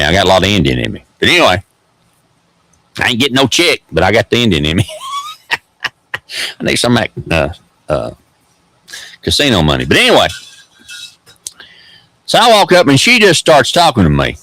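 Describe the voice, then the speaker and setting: East tennessee guy rambling a story, folksy drawl, low voice, dry close sound. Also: huge pitch swings, normal speed, long pauses, pushed and bright, dry recording, poor audio. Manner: folksy, drawling, repeats words and laughs often. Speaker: host.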